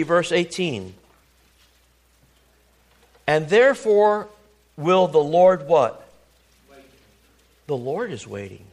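Pastor, male, high voice, emphatic preaching style built on repetition and rhetorical questions. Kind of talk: sermon.

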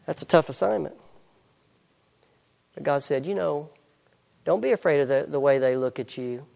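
A preacher giving an earnest, emphatic sermon, reading scripture slowly and deliberately. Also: mid-range voice, creaky, darkish tone.

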